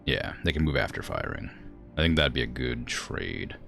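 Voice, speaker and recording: A man's voice: extremely low pitch, lively intonation, normal speed, gravelly, fairly bright tone, faint music behind. A man streaming a strategy game, chatting casually and laughing often.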